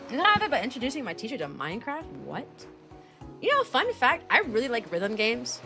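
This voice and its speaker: A young woman chatting casually on a livestream, bubbly and animated, laughing often as she reads viewer messages aloud. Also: a little high, brisk, soft background music. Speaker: VTuber streamer and kindergarten teacher.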